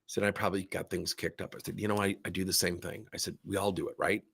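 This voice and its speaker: A man's voice: deep voice, fast talker, creaky, slightly rough. A middle-aged man, a leadership coach, telling workplace stories on a livestream and acting out both sides of each conversation. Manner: animated storyteller, acts out both sides of conversations. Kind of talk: livestream talk with acted anecdotes.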